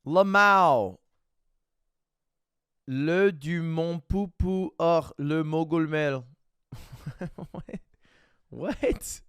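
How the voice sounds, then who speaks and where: A young man hosting a livestream, chatting casually with viewers, animated, jokey and swearing freely. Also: a little high, drawn-out words, long pauses, clean tone, no echo, clean studio sound. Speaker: livestream host.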